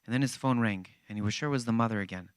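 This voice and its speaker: A man's voice: lowish voice, very fast, clear, resonant tone, dry recording. A man telling a story to a church congregation, acting out the dialogue as he goes. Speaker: guest speaker at a church.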